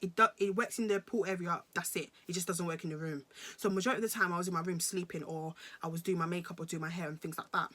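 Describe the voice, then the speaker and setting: A woman's voice: on the low side, steady tone, fast, fairly bright tone. A woman in her twenties with a British accent, telling a personal story to her vlog viewers in an emphatic, slangy way, often repeating phrases. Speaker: vlogger.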